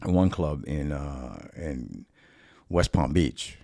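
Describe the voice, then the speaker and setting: A middle-aged man from Chicago, a comedian, tells a story casually on a podcast. He has a very deep, low voice. He swears freely and acts out the people in his story, recorded close and dry with no room sound. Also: very animated, extremely slow, gravelly, mellow, dry recording. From Chicago, USA. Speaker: stand-up comedian guest.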